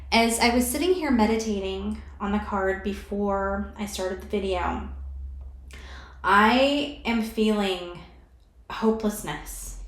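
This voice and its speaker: A woman gives a pick-a-card tarot reading straight to the viewer, soft and soothing yet emotional and close to tears. Her voice is medium-pitched, and the room is echoey.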